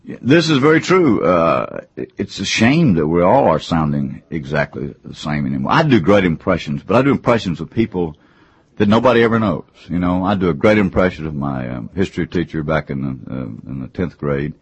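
A man with a deep, husky Southern drawl, telling folksy, joking stories with an easy storyteller's timing. The recording is dry and a little muffled, like a studio interview. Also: lively intonation, a little fast, no echo. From Georgia, US South. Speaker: columnist and speaker.

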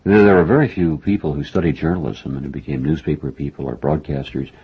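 A man's voice: extremely low pitch, fast talker, slightly rough. A male interviewer hosting a conversation, asking leading questions in a wry, joking way. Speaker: interviewer, radio host. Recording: dull lo-fi radio recording.

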